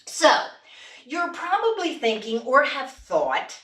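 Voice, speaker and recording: Playful woman workshop leader, bright voice. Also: sits high, wildly swooping pitch, takes it slowly. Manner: playful, laughs often, coaxing. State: congested from allergies. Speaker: retreat speaker leading a vocal exercise. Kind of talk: casual workshop talk to a group. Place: church room with a group. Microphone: distant room mic. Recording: echoey church room, mic far off.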